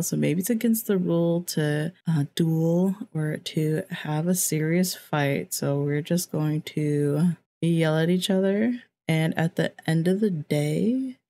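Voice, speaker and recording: A woman talks through her game in a casual, chatty way, joking and exclaiming as things happen. Her voice sits low and carries a gravelly fry. She acts out the characters' lines without leaving her own voice. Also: warm tone. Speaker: let's play host. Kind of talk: casual gameplay commentary.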